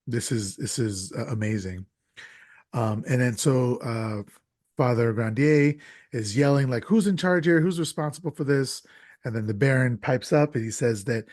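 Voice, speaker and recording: A man's voice: medium pitch, darkish tone, dry recording, studio quality. A man hosting a casual podcast, recapping a film's plot with lots of ums and restarts. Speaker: podcast host. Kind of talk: casual podcast film discussion.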